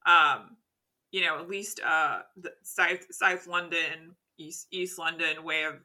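A woman's voice: low voice, steady tone, slow, pushed and bright. A Scottish woman co-hosting a podcast, chatting casually with plenty of fillers. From Scotland. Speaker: podcast co-host. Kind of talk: casual chat.

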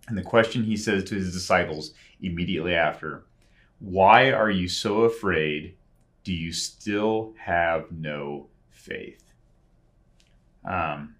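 A man with a very low, deep voice delivers a sermon. He speaks earnestly and conversationally, pausing often between phrases. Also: fairly bright tone. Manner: earnest, conversational preaching with frequent pauses. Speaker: pastor.

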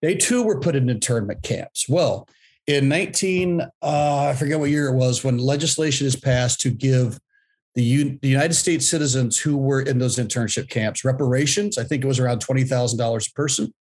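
Man, 50s, podcast guest, mid-pitched, reflective, pauses to find his words. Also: a little mellow. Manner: reflective, thinking aloud with pauses and restarts. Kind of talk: podcast panel discussion.

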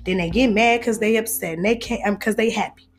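A woman's voice: mid-range voice, brisk, soft background music. A woman vlogger, talking casually to her viewers, playful and preachy. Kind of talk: casual chat to camera.

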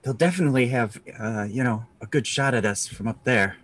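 A man's voice: mid-range voice, a little fast, fairly bright tone, no echo, lightly acted. A man playing a wary adventurer with short swords. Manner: cautious, hanging back behind an ally.

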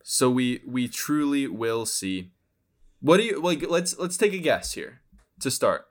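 A man co-hosting a casual podcast, laughing easily and pausing on ums and restarts. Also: mid-range voice, very animated. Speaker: podcast co-host.

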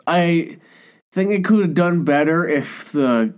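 A man co-hosts a casual film chat, joking freely as he talks. His pitch rides high and swings widely, so his voice sounds animated throughout. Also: slow, clear, resonant tone. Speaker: podcast co-host.

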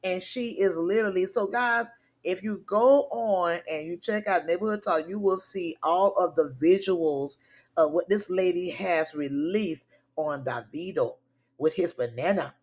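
A woman's voice: fairly low pitch, unhurried, a little mellow. A woman hosting a gossip podcast, reading out text messages with laughing, incredulous asides in casual commentary. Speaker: podcast host.

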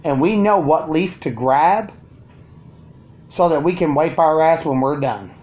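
Ranting crudely at his audience from his house, this male vlogger has a fairly high voice and a measured delivery. The audio is dull, and the monologue is full of sarcasm and profanity.

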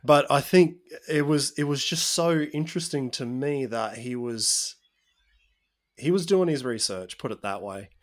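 A man's voice: medium pitch, unhurried. A man co-hosting a podcast, telling a story in casual chat and livening up when he quotes others. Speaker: podcast co-host.

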